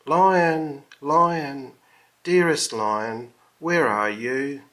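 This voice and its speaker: A man doing a meek, gentle little sweeper boy. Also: mid-range voice, drawn-out words, voice pushed up, rough recording. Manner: gentle, polite pleading.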